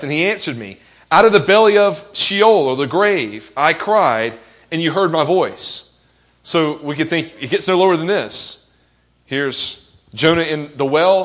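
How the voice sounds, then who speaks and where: A man's voice: fairly high pitch, fairly bright tone. A man preaching a sermon as pastor, earnest, asking the congregation questions and quoting scripture with rising emphasis.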